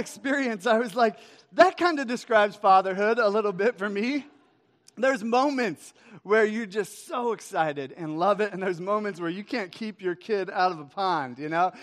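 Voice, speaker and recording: A man in his thirties preaching a Father's Day sermon, telling a story with quick swings between loud and hushed. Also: high voice. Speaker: pastor. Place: church hall. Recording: echoey hall reverb.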